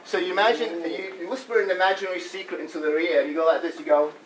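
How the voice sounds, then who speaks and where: A man's voice: high-pitched, steady tone, racing. A man leading a laughter club workshop in a playful way, breaking into laughs as he shows the exercises to a room full of people. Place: conference room with an audience. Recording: echoey room, mic far off, audience noise.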